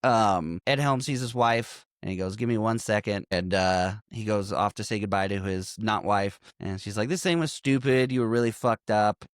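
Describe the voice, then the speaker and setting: A man co-hosting a podcast, casually recapping a movie in animated fashion, swearing and acting out the characters' lines. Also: fairly low pitch, moderate pace, hardly any pauses, clean tone, no room sound, studio quality. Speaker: podcast co-host.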